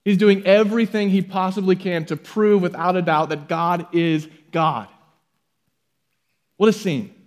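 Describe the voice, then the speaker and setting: A man preaching a sermon, reading scripture aloud with relaxed conversational asides. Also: high-pitched, a little slow. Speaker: pastor.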